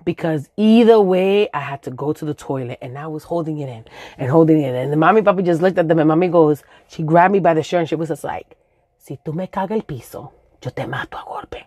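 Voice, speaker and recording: A young woman telling a profane, animated comic story about her childhood. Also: low voice, quick pace, no room sound, clean studio sound. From Brooklyn, New York. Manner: animated, profane, acts out voices in shrieks.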